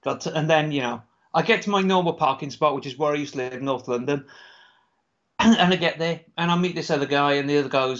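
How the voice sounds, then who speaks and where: Podcast co-host, male, rambling anecdotal storyteller, slightly high pitch, dull lo-fi recording. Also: fairly quick, fairly bright tone. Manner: rambling storyteller, swears, laughs often. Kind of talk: casual chat. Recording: dull lo-fi sound.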